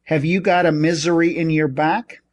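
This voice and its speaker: A man's voice: a little high, fairly even intonation, normal speed, natural voice. A man voicing a jeering, sarcastic middle-aged sea captain in an audiobook.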